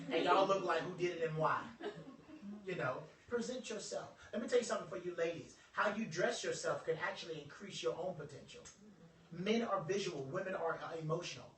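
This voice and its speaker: A young man giving an informal motivational talk to a small group, lively and joking in a preacherly way, calling on his audience. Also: high-pitched. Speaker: motivational speaker. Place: indoor room with a small audience. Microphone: phone livestream from across the room. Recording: echoey room, voice from a distance.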